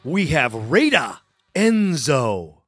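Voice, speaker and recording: Hosting a casual sports fan podcast, a man rambles emotionally and laughs frequently. His fairly high voice is sing-song and draws out words, with no echo and faint music behind him.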